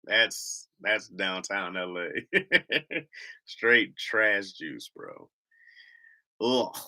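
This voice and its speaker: Animated Michigan man, bright edge. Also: on the low side, extremely slow. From Lansing, Michigan, US. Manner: slangy, rambling, laughs often. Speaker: livestream host. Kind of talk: casual livestream chat.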